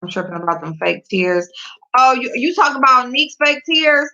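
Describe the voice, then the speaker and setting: A woman's voice: high voice, expressive, moderate pace. Chatty woman hosting a lo-fi livestream. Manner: loud laughing, talks back to chat and her dog. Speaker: livestream host reading chat. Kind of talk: casual livestream chat. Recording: dull lo-fi sound.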